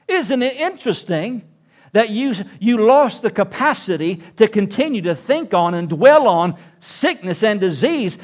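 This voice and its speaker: A man preaching as a pastor to a congregation, with emphatic rising peaks in his delivery. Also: high-pitched. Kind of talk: sermon. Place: church room with congregation.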